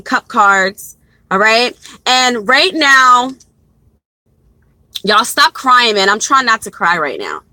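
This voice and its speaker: A woman's voice: on the high side, bright, forceful tone, no room sound, poor audio. A young woman giving a casual live tarot reading from her car into a phone, chatty and rambling, talking straight to her viewers. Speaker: tarot reader. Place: parked car.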